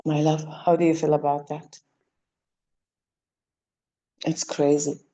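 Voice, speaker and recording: A woman leading a live spiritual clearing session, speaking in commanding incantations and soft, coaxing asides. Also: low voice, level tone, slow, rough recording.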